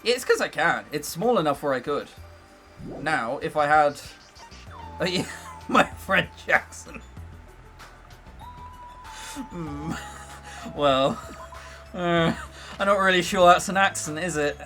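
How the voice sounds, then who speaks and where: A man's voice: on the high side, expressive, measured pace, sharp tone, faint music behind. A man streaming a visual novel, giving chatty, joking commentary and swearing freely. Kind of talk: casual let's-play commentary.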